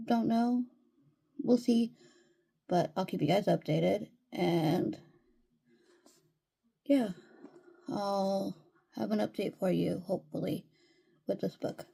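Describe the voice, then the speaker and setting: A woman's voice: mid-range voice, takes it slowly, creaky, pauses often, dark tone, slightly rough. A woman giving casual reading updates in a vlog from home, easygoing and rambling with lots of fillers. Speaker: reading vlogger.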